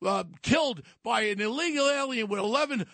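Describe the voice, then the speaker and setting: Brief: older New radio host, high gravelly voice, bright and loud, shouts his rants. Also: brisk. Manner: loud, ranting, shouts insults. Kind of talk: talk radio rant.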